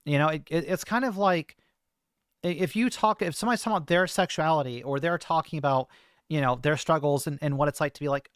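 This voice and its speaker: A woman's voice: low voice, quick pace, no room sound. A trans woman streamer talking in a casual, hesitant monologue, full of fillers and restarts, into a close desk mic. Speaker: streamer host.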